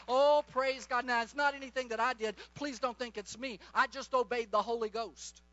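A middle-aged male preacher delivering a charismatic sermon in a high voice. His tone is bright and sharp, fervent and commanding. The recording sounds dull and lo-fi.

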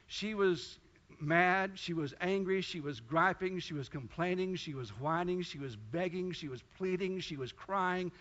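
Preacher guy, high bright voice, storytelling then fervent praying, kinda dull lo-fi recording. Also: normal speed. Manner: storytelling preacher, builds to fervent pleading prayer. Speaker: pastor. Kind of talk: sermon with closing prayer.

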